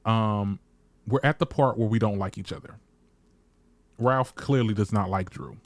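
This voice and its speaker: Recapping a reality TV episode at a measured pace, this reviewer speaks in a lowish voice with no room sound. His commentary is chatty and shady, full of free swearing, and he voices cast members in lively quotes.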